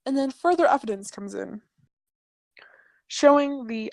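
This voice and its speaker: Slow, sardonic woman narrator. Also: sits high, lively intonation, vocal fry, darkish tone, dry recording. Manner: sardonic asides. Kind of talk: comedic reading of chat logs.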